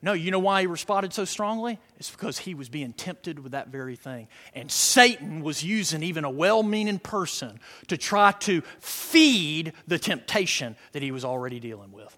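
A man preaching a sermon, swinging between loud shouted lines and hushed quiet ones. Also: a little high, lively intonation, normal speed, hardly any pauses. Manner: dramatic swings from shouting to near-whisper. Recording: long reverb of a hall.

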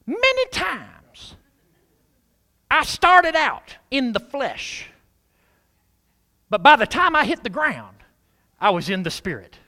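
A nasal old preacher with a slow, drawn-out way of speaking, as a man puts him on. The voice sits high and swoops widely. The words are stretched out and solemn. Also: wildly swooping pitch, sharp tone, full character voice. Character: older male preacher, nasal, slow drawl.

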